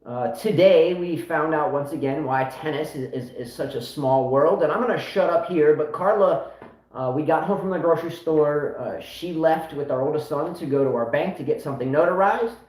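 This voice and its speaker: A man's voice: a little high, normal speed, a little mellow. A middle-aged man co-hosting a casual chat, rambling with many fillers and restarts. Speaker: co-host of a tennis channel. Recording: echoey room.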